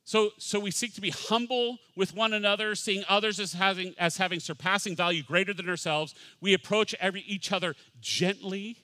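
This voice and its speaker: A middle-aged man preaching a sermon, animated, acting out little voices and dropping to a hush for emphasis. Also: high voice, a little fast, few pauses, no echo. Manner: animated, acts out voices, swings from loud to hushed. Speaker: pastor.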